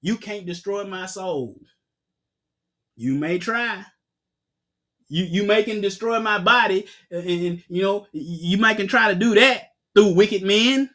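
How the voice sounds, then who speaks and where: A man with a high voice preaches a Bible-teaching sermon. He puts questions to his listeners and answers them himself. His voice rises into loud, dramatic bursts whenever he reads scripture. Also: a little slow.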